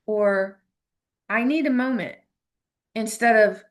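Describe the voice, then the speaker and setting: A woman's voice: medium pitch, unhurried. A middle-aged woman giving an earnest, encouraging self-help talk as a teacher, now and then acting out short quoted remarks. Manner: earnest and encouraging, acts out little quoted lines. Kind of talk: motivational talk.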